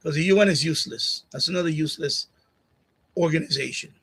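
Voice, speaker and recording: A man's voice: a little high, quick pace, a bit bright, breathy edge, rough recording. A man hosting a live stream, chatting casually and bluntly with his chat, repeating himself and laughing at comments. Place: home streaming setup. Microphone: USB condenser mic on boom arm.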